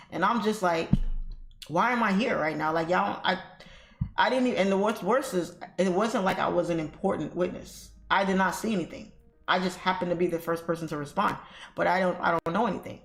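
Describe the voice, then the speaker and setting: A woman host chatting casually to her viewers, telling an exasperated story with salty language and calling them y'all. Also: on the low side. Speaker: trading livestream host. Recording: roomy echo with faint music.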